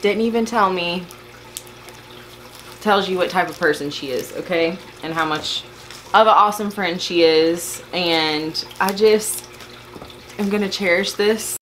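Slow-talking emotional woman vlogger. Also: fairly low pitch, a bit bright, a little hiss or hum, poor audio. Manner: gushing, overwhelmed and emotional. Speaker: plant vlogger. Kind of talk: casual unboxing vlog.

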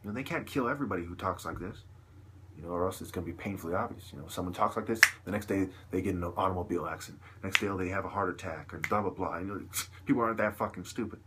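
A man's voice: low voice, rapid-fire, background noise. A man delivering a long, agitated, profane vlog monologue to camera, peppered with "you know.". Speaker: video blogger.

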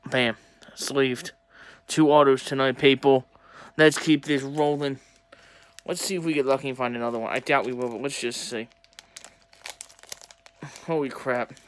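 A young man talking casually to viewers while opening sports cards, chatty and excitable. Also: medium pitch, unhurried. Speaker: sports card collector opening packs. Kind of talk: casual pack-opening vlog.

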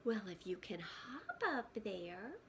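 A woman's voice: mid-range voice, very animated, slow, fairly bright tone, slight background noise. A woman voicing a kind, helpful little boy frog in a storybook reading, cheerful and encouraging.

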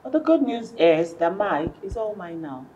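A woman's voice: fairly low pitch, big pitch swings, moderate pace, mellow, highs cut off, slight background noise. An actress with a Nigerian accent playing a smug young woman who talks in a whiny, dismissive way. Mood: gossiping. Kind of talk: Nollywood film acting.

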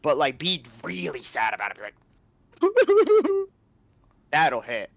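A man's voice: mid-range voice, lively intonation, fairly quick, creaky, pushed and bright, dry recording. A young man trading crude, teasing banter in a casual live-stream chat. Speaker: streamer friend.

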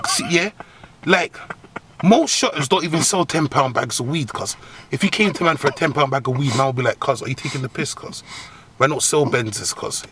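Brief: male comic host, higher-pitched voice, rowdy slang advice rant with squealing laughs. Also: slight background noise. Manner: slangy, profane, laughing, animated swings into high squeals. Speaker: agony-uncle comedy host.

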